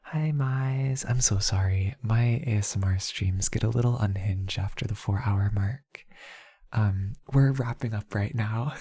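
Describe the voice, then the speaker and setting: A soft-spoken young man chatting casually on an ASMR stream, playful and rambling, laughing often. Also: mid-range voice, no echo. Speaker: VTuber streamer.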